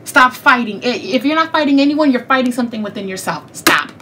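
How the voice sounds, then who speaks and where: A woman giving a casual tarot reading, chatty and animated, speaking straight to her viewers and laughing often. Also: fairly high pitch, brisk, background noise. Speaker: tarot reader.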